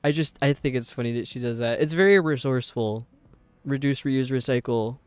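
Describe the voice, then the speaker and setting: A man's voice: mid-range voice, a little fast, clear, resonant tone, no room sound, faint music behind. A young man with a New York accent, chatting casually on a live stream in a rambling way, with lots of filler words. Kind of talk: casual chat while gaming.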